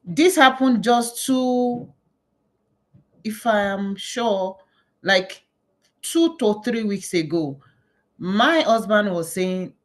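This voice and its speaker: A woman from Nigeria, moderating a panel and telling self-mocking stories in a lively way. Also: medium pitch, takes it slowly, pauses often. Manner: animated, self-mocking storyteller. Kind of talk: conversational panel facilitation.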